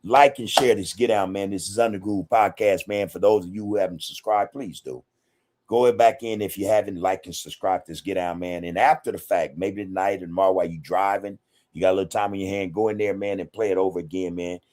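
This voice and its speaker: A man's voice: sits low, steady tone, a little fast, a little mellow. A man hosting a casual livestream podcast, talking in a loose, slangy way and greeting viewers directly, with "man" and "you know" in almost every sentence. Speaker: podcast host. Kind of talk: casual livestream chat, reading viewer comments.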